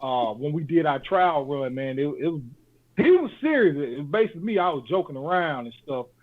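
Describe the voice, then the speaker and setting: A man's voice: fairly high pitch, lively intonation, a little fast. A man co-hosting a podcast, giving casual motivational talk in loose slang and saying "man" often. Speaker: podcast co-host. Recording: tinny phone-like sound.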